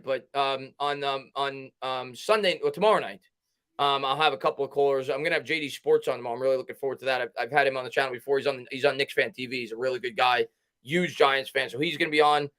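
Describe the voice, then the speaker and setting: A man hosting a live sports talk stream, upbeat and quick, reading out viewer names and thanking them. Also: medium pitch. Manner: fast, energetic, shouts out chat names. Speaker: livestream host.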